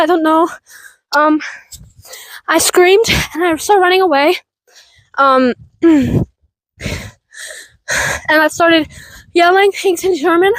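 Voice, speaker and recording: A woman's voice: very high-pitched, slow, long pauses, no echo, low-quality recording. A young woman chatting casually while she walks outdoors, rambling with lots of fillers and a little out of breath. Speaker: vlogger. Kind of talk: casual vlog chat while walking. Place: outdoors on a walk.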